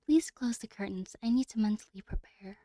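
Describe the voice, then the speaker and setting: A woman voicing a gentle, teasing young female senpai in a game, soft-spoken and playful. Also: on the high side, expressive, moderate pace, no echo, clean studio sound, pitched above the performer's own voice, close to an everyday voice. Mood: hushed whisper.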